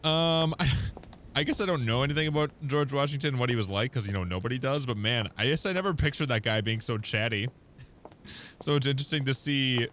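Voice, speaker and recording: A man's voice: medium pitch, brisk, a bit bright, slight background noise. Chatty young man narrating gameplay. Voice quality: chatty, laughs often. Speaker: gaming YouTuber. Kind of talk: let's play commentary.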